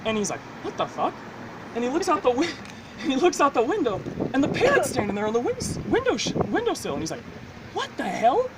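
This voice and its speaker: A man telling a long joke casually, jumping into high character voices for the people in it. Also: quick pace, very noisy. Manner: animated storyteller, jumps into high character voices. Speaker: joke teller.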